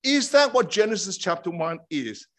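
A middle-aged man preaching a sermon in a lively, chatty way, drawing his congregation in. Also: high-pitched, normal speed. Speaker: pastor.

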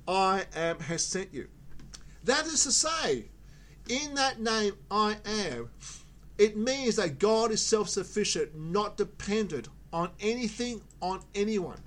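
Male preacher, high voice, emphatic sermon delivery with repeated key words. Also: a bit bright.

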